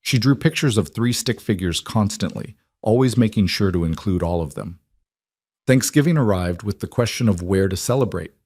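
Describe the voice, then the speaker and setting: A man narrating a scripted romantic story in a calm, even way. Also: lowish voice, moderate pace, husky, no room sound, studio quality.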